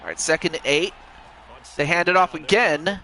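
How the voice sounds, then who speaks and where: A man doing casual play-by-play commentary on a video game football match, excitable and rambling, with quick exclamations. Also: a little high, poor audio. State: has the hiccups.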